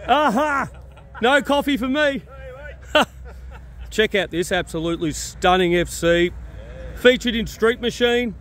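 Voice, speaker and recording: High-voiced excitable Australian man outdoors. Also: a little slow, pauses often. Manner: excitable, keeps asking people if they are excited. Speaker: vlogger at a car show. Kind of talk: energetic walkaround vlog. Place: outdoor car show on grass.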